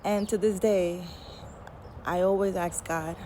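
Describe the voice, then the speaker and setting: A woman's voice: lowish voice, steady tone, slow, pauses often, warm tone, slight background noise. A woman casually telling a personal story to camera, chatty and candid, laughing at herself now and then. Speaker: spiritual storyteller.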